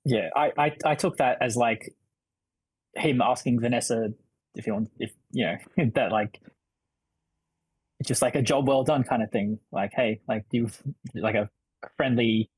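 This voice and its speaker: Husky-voiced man, hedging and thoughtful. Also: mid-range voice, unhurried, pauses often, no room sound, rough recording. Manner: hedging, thoughtful, restarts with likes. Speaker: podcast panelist. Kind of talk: casual podcast chat.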